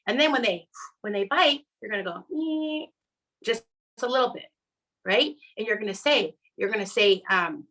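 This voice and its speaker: A middle-aged woman, a sales director, gives her team a chatty, upbeat coaching talk, constantly checking in with "right?" and "okay?" and acting out customers in put-on voices. Her voice is a little high, animated and fairly bright, at a moderate pace. The audio quality is poor.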